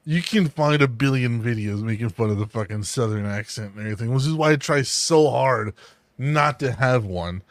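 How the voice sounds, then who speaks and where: A man's voice: medium pitch, normal speed. A man from the US South co-hosting a podcast, laid-back and joking, swearing casually. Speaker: podcast co-host. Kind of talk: casual chat.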